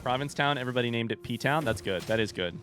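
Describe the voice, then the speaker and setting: Talking fast in a mid-range voice over music, a young American streamer chats casually with his audience while playing a game. His talk rambles, is full of joking asides, and keeps getting cut off by his own interruptions.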